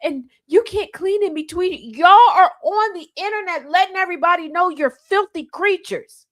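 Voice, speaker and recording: A woman hosting a casual news reaction show, animated and exclaiming as she reacts. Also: extremely high pitch, moderate pace. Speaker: show host.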